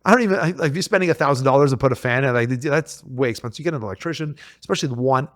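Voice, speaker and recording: A man's voice: mid-range voice, racing, no echo, studio quality. A man working as a realtor, chatting casually on a podcast and telling a story in which he acts out what the other people said. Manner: animated storytelling, acts out quoted exchanges.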